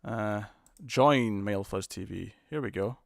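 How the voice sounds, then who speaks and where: A man's voice: fairly low pitch, slow pace, vocal fry, no room sound. Rambling British man, dry close mic. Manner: rambling, hesitant, stammers and restarts, chuckles often. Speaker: live stream host. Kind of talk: casual chat reading viewer comments.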